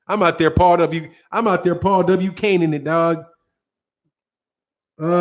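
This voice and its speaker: Midwestern american man, high voice, swears a lot, animated livestream chat host. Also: slow pace, long pauses. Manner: profane, animated, reads viewer chat aloud.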